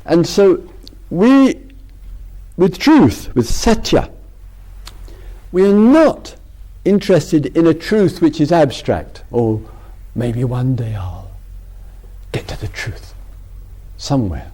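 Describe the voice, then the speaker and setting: A man's voice: fairly high pitch, big pitch swings, takes it slowly, pauses often, mellow. A man giving a casual spiritual talk, rambling with frequent restarts and laughter. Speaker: spiritual teacher.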